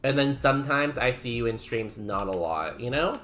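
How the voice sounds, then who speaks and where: A man's voice: mid-range voice, lively intonation, normal speed, a bit bright. A man streaming a game, chatting casually and rambling while he reads messages from chat aloud.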